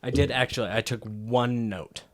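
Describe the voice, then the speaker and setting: A man's voice: mid-range voice, steady tone, normal speed, dry recording. A man co-hosting a casual movie podcast, explaining film camera work at length with many fillers and restarts. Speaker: podcast co-host.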